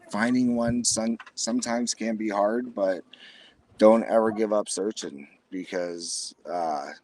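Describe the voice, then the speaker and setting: Veteran guy on a podcast, kinda low voice, sincere, keeps restarting sentences. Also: darkish tone, a little hiss or hum. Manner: earnest and encouraging, restarts often. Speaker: military veteran guest. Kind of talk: casual interview chat.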